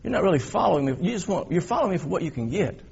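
A man delivers a sermon in a gravelly, husky voice. He tells the story with animation, rising loud for emphasis and then dropping to quiet, reflective passages. The recording sounds dull and lo-fi. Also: high-pitched, big pitch swings, very fast. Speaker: pastor.

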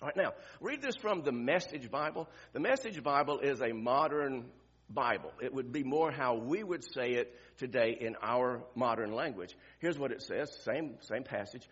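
A man's voice: medium pitch, lively intonation, normal speed, fairly bright tone, slightly rough, muffled recording. An older man with grandchildren, preaching a conversational sermon full of rhetorical questions and restarts.

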